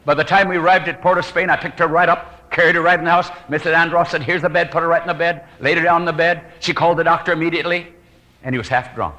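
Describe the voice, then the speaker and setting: A man evangelist telling a personal story in an earnest sermon style, his voice dropping to hushed, prayerful tones. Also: on the high side, steady tone, fast talker, big-room sound.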